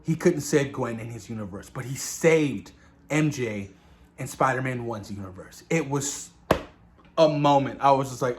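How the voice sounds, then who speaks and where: Excited guy retelling a movie. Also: mid-range voice. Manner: excited, retelling scenes with quick impressions of characters; swears casually. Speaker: movie discussion host. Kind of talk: casual spoiler review.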